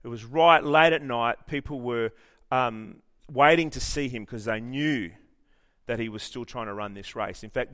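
A man preaching a sermon in church, telling stories in an animated way, joking and often restarting his sentences. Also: medium pitch. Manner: animated storytelling with jokes and frequent restarts. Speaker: pastor.

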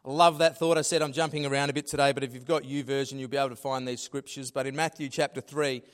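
A man preaching a sermon, swinging between loud emphasis and hushed asides. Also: mid-range voice, little pitch movement, fast talker. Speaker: pastor.

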